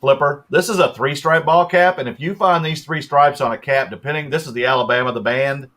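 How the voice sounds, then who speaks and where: An older man in his sixties with a bright, forceful voice, chatting casually on a livestream. He explains things at length and trails off as he talks. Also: fairly high pitch, a little fast. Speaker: guest reseller.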